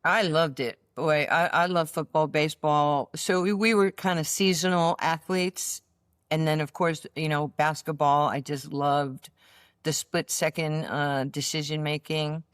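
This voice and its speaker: A woman, a guest telling lively stories from her childhood in a casual chat, full of fillers and restarts. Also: sits low, unhurried, smooth, no room sound, clean studio sound. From New York. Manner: animated storyteller with many fillers and restarts. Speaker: interview guest.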